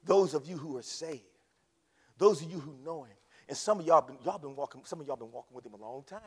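A man preaching a sermon, swinging from hushed storytelling to shouted climaxes. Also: a little high, fast. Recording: long reverb of a large hall.

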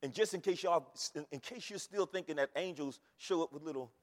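Preacher guy, repeats himself, builds up to shouting, big echoey hall. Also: a little high, a little fast. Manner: animated, repeats phrases, rises to shouts. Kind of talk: sermon. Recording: long hall reverb.

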